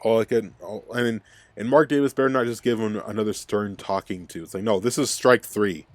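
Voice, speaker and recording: A man's voice: fairly low pitch, a little fast, dry recording. A man hosting a fan recap podcast, ranting in an angry, profane, rambling way. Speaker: podcast host.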